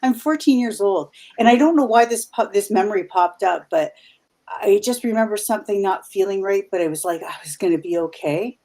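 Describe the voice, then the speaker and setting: Here the fifties-aged Canadian guest, a paranormal investigator, sounds warm and animated at a medium pitch, talking briskly. Her storytelling stays loose and conversational, full of restarts and digressions.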